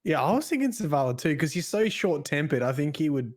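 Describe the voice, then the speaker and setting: A man's voice: a little high, sing-song, fairly quick, darkish tone. A man, a podcast co-host, bantering bluntly and swearing in casual chat.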